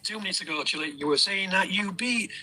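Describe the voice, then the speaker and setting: A man's voice: high voice, fairly quick, a crowd in the background. A man in a played video, giving teasing, sarcastic commentary.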